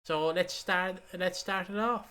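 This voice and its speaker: A man's voice: sits high, fairly even intonation, sharp tone, smooth. A man co-hosting a wrestling podcast in casual chat, rambling and swearing freely. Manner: swearing, rambling, quick asides. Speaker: podcast co-host.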